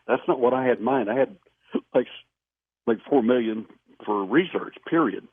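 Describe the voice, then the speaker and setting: In a mid-range, expressive voice with a breathy edge, the phone-in guest tells his stories at a moderate pace, earnestly stressing his points. The line is tinny and the recording dry.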